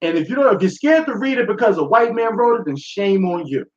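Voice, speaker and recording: A man hosts a talk show, giving his listeners a blunt, profane, preachy monologue in a high-pitched, animated voice that runs a little fast. The room is echoey and the sound dull.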